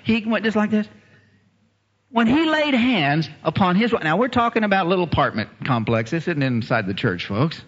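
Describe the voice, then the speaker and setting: A man preaching a sermon, telling a story in an animated way and chuckling as he talks straight to the congregation. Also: sits high, moderate pace, big-room sound. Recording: slightly muffled lo-fi sound.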